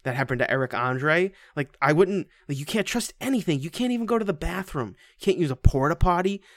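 A man co-hosting a casual podcast chat, excitable and crude, jumping into high-pitched voices to act out quotes. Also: a little fast, dry recording, studio quality. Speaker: podcast co-host.

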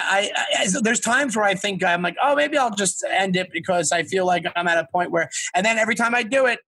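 Brief: male guest from Long Island, high tense bright voice, rambling and self-reflective, dry recording. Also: no room sound. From Long Island, New York. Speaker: guest comedian. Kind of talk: casual chat.

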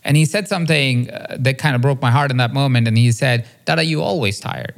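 A man hosting a podcast interview, telling a personal story in an earnest, reflective way with casual "like" and "right?" fillers. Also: quick pace. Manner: acts out quoted dialogue with a raised, lively pitch. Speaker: podcast host.

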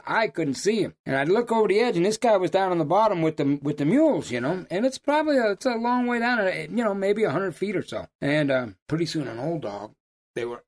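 An older man, telling hunting stories in a folksy, animated way. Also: fairly high pitch. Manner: folksy, animated storyteller who laughs at his own stories. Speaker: lion hunting guide. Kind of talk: casual storytelling.

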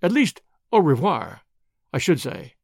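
A man's voice: a little high, wildly swooping pitch, measured pace, gravelly, darkish tone, husky, dry recording, clean studio sound, exaggerated voice. A man voicing a cheeky young woman who bluffs in a sweet, arch tone in a storybook reading.

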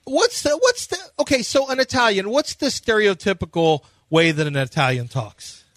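A man's voice: high voice, sing-song, normal speed, a bit bright, no room sound, studio quality. A man co-hosting a sports radio show, teasing and joking with his co-hosts. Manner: teasing, jokey, slips into mock voices. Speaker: radio co-host. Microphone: studio microphone.

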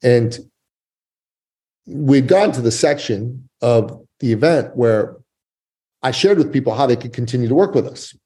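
Warm-voiced male storyteller, emphatic. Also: medium pitch. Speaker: guest, business coach and author. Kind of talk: storytelling in a podcast interview.

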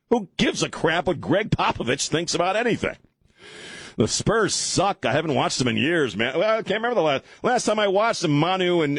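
A man's voice: on the high side, fairly bright tone, slightly rough, dry recording. A man hosting a talk radio show, ranting irreverently and laughing often, on a studio microphone.

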